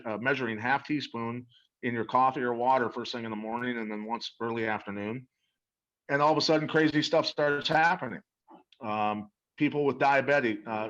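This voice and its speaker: A middle-aged man of medium pitch and fairly bright tone, recorded with the highs cut off, is a guest in an interview. He tells animated stories about a product, earnest and emphatic, often repeating words.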